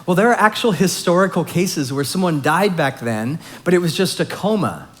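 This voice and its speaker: Guy preaching, kinda high voice, chatty sermon that leans in hard on the big points. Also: lively intonation, moderate pace. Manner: conversational, explains scripture with rising emphasis. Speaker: pastor.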